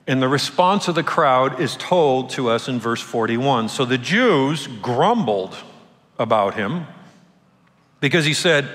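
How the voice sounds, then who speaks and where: Casual, joking pastor, mid-pitched man, long church reverb. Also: measured pace. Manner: casual, conversational, animated, playful asides. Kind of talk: sermon.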